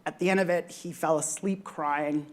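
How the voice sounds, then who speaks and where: A young woman with a somewhat low voice speaks on a conference panel. She tells a personal story earnestly and reflectively, with frequent ums along the way. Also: fairly even intonation, moderate pace.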